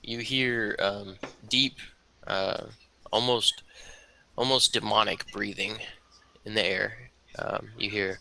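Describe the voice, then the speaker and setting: Male dungeon master, low gravelly voice with a bright edge, halting delivery full of ums. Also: little pitch movement, rough recording. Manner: hesitant, many ums and uhs. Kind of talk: narrating a tabletop game.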